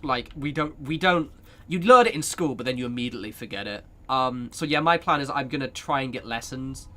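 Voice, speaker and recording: A man's voice: mid-range voice, a little fast, a bit bright. A young man chatting casually with viewers while he plays a game, rambling, laughing and swearing as he goes. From United Kingdom. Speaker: streamer. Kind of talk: casual chat while gaming.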